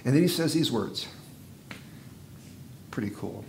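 A male pastor giving a sermon, telling a story vividly and swinging from hushed, slow passages to loud, intense ones. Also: mid-range voice, lively intonation, slight background noise.

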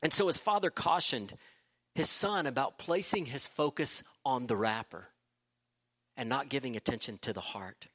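A man preaching, telling an illustration story in an unhurried way and posing questions to his listeners. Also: mid-range voice, a bit bright.

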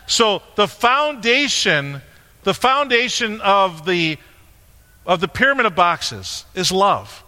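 A man preaching in a casual, conversational way, bantering with a stage helper between points. His voice sits high and sounds bright and forceful. The sound carries the long reverb of a large church hall. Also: very animated, slow. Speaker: pastor. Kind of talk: sermon with props. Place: church sanctuary.

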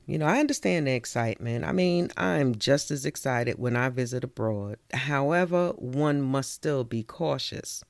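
A woman's voice: on the low side, gravelly, no echo, clean studio sound. A woman from New York with a New York accent, reciting a spoken-word poem and then chatting casually, laughing often and saying "you know" a lot. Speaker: spoken-word poet and storyteller.

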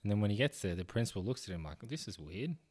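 A man's voice: fairly low pitch, very fast, darkish tone. A man hosting a podcast, telling a story in a casual, self-deprecating way and swearing freely. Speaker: podcast host.

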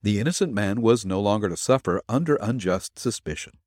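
A man narrating a detective story aloud with expressive storytelling. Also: fairly low pitch, a little fast, no echo, studio quality. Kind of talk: audiobook narration.

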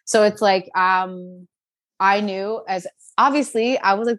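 A young woman tells a story in an animated, chatty way, her words full of fillers. Her voice is pitched in the middle for a woman. It is recorded dry and close, with no room sound. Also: a little slow, no room sound. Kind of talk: casual storytelling chat.

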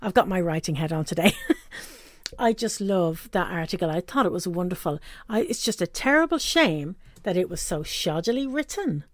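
A woman's voice: on the low side, lively intonation, moderate pace, no echo. A middle-aged woman, hosting a podcast and telling a story in a chatty way, laughing often. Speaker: podcast host. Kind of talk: casual storytelling.

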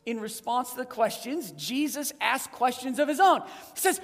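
A preacher in their thirties or forties gives a sermon, swinging between loud emphasis and hushed, low, weighty lines. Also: moderate pace, few pauses. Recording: long reverb of a large hall.

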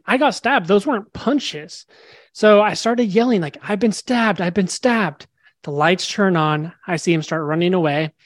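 In clean studio sound with no echo, a young man with a high-pitched voice is a guest on a podcast. During the casual interview he tells a story with animation, voicing the characters' dialogue himself.

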